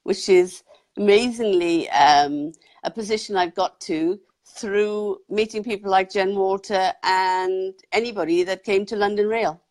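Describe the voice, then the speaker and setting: A woman's voice: mid-range voice, unhurried, darkish tone. A woman hosting a casual live chat who speaks in an earnest, reflective way. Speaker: host.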